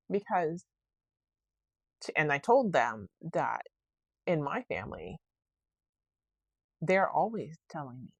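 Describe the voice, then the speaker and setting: Low-voiced woman musing on her podcast. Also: breathy edge, dry recording. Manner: rambling, self-correcting, reflective storytelling. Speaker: podcast host. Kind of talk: casual solo podcast monologue.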